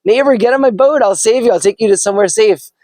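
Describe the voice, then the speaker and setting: A man's voice: sits high, quick pace, darkish tone, dry recording, voice pushed up, close to an everyday voice. A man doing an urgent, coaxing neighbor. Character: helpful male neighbor with a rowboat.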